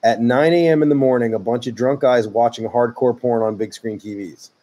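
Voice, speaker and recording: A man hosting a podcast, reading listener stories and answering in dry, deadpan chat over a video call. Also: medium pitch, a little fast. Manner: dry, deadpan, flat refusals. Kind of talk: casual chat.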